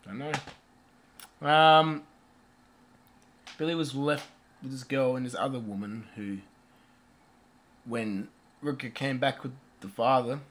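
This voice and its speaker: A man talks through a movie review in a loose, unscripted way. He wanders off topic, swears casually and fills gaps with hesitant ums. His voice sits at an ordinary middle pitch. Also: fairly even intonation, slow, long pauses, a bit bright. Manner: rambling, swears casually, many fillers.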